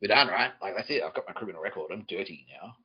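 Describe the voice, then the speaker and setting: A man's voice: low-pitched, lively intonation, rapid-fire, slightly rough, muffled recording. A man hosting a podcast, telling a rambling, profane comic story and mimicking people's voices. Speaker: podcast host. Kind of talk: comedic storytelling monologue.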